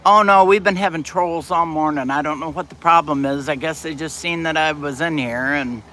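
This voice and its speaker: A man's voice: a little high, normal speed, pushed and bright, slight background noise. A man hosting a casual livestream, chatting and answering viewer comments aloud. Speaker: livestream host. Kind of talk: casual live chat.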